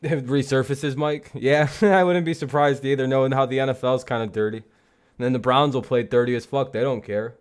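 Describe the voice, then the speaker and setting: A man's voice: medium pitch, fairly even intonation, moderate pace, clear, resonant tone. Rambling, profane sports-streaming man. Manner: rambling, profane, laughing jokily. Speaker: streamer and host. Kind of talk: casual live sports talk.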